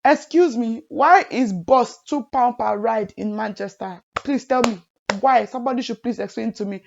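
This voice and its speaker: A young woman from Nigeria chatting casually to her viewers in a lively, teasing way. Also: fairly high pitch, normal speed, vocal fry. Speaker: vlogger. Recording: muffled lo-fi audio.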